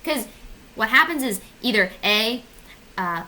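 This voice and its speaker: Bright-voiced sarcastic young woman. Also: fairly high pitch, animated, unhurried, rough recording. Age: 20s. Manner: sarcastic, swearing, self-mocking. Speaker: vlogger. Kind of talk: casual comedic rant.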